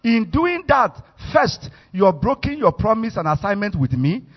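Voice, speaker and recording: A man's voice: sits high, big pitch swings, normal speed, slightly rough, full character voice. A man with a Nigerian accent voicing an older male prophet who pleads earnestly and respectfully. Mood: pleading. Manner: earnest, reasoning, deferential. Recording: echoey hall, muffled sound.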